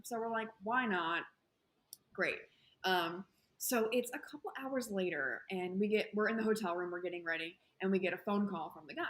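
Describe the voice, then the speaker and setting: A woman with a Southern American accent, co-hosting a travel podcast and telling a story in a casual, animated way, acting out the voices of the people in it. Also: medium pitch, normal speed. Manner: animated, acts out quoted dialogue. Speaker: podcast co-host.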